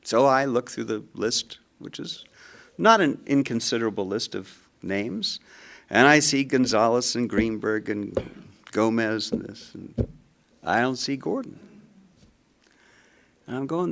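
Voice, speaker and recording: An older man telling a personal story, animated and acting out his own rising anger. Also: mid-range voice, unhurried, creaky. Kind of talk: storytelling talk.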